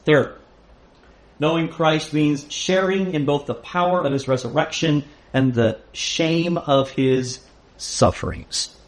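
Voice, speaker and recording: Slow, deliberate preacher, higher-pitched man. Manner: measured, deliberate teaching with emphatic pauses. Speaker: pastor. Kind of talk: expository sermon.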